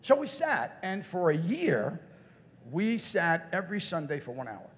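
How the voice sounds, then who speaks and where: A man with a high, expressive voice gives a motivational keynote at a conference, swinging widely in pitch as he talks. He keeps turning to the audience with direct questions. His voice carries a long reverb from the hall. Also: unhurried, a little hiss or hum. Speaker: motivational speaker.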